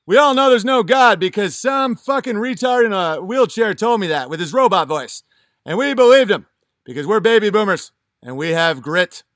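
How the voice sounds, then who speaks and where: A man voicing a boastful, scornful baby-boomer father who lectures his grown son loudly and with contempt. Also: lively intonation, moderate pace, dry recording, clean studio sound. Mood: scornful lecturing.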